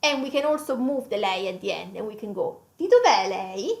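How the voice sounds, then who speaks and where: Lively Italian woman teaching, echoey room. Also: mid-range voice, gravelly. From Italy. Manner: lively, drawn-out teaching delivery with slow repetitions. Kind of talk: language lesson.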